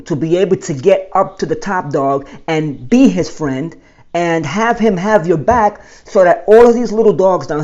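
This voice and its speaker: A man casually telling his own life story as host, animated and explaining step by step. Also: sits high, moderate pace, muffled recording. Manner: animated, explains with pointing and numbering.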